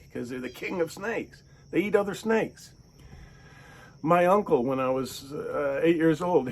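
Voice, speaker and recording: A man, the channel's host, telling a casual story, animated and acting out the people he quotes in raised voices. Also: a little high, husky.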